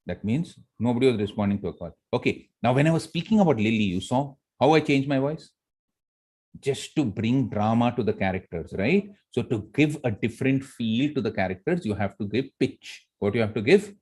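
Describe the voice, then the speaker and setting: Animated male speaking teacher. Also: mid-range voice, a little fast, breathy edge. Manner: animated, asks the class questions. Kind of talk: classroom lesson on voice modulation.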